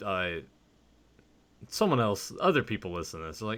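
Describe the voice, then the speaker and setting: A man's voice: lowish voice, very animated, moderate pace, a bit bright. A man with a Southern US accent chatting as a podcast co-host, with short interjections and wry jokes. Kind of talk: casual chat.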